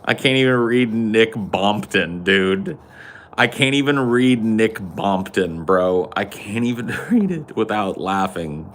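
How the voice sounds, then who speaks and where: A man's voice: on the low side, expressive, takes it slowly, a bit bright, a little hiss or hum. A man hosting a podcast in casual chat, joking, swearing a lot and laughing often. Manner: profane, jokey, laughs often. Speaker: podcast host.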